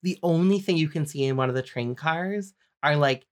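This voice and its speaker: A woman running a tabletop role-playing game as game master, explaining the rules and narrating scenes in a patient, measured way. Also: low-pitched.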